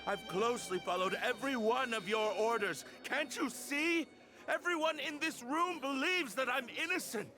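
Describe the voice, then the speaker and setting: An actor playing a desperate accused man who pleads with the court in a game cutscene, his voice climbing into shouts. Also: very high voice, moderate pace. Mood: desperate pleading. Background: game music score.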